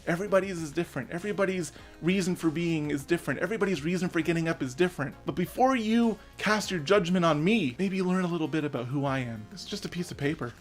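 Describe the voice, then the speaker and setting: A man's voice: on the high side, fast, few pauses, faint music behind. A man in his thirties giving an earnest, emotional personal rant as a vlogger, swearing now and then. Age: 30s.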